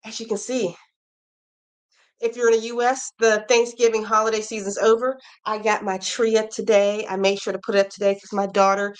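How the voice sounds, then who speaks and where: Chatty American woman in her forties, livestream host, mid pitch, loose and rambling. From United States. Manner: chatty, goes off on tangents. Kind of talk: casual livestream chat. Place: home with a Christmas tree.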